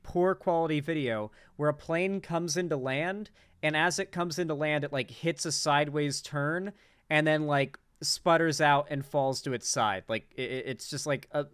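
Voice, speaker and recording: A man's voice: a little high, normal speed, a bit bright, clean tone, no echo, studio quality. A young man giving casual, profane, incredulous reaction commentary on a political clip.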